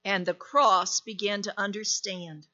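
A woman reading a story aloud in a gentle, deliberate manner with dramatic pauses. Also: medium pitch, steady tone, highs cut off.

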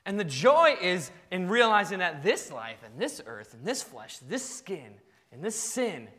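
A male pastor preaches in a bright, high voice that jumps all over its range. He swings between loud bursts and quiet asides, and his voice rings out in the long reverb of a large church hall. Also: sing-song, a little slow. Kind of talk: sermon. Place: church sanctuary.

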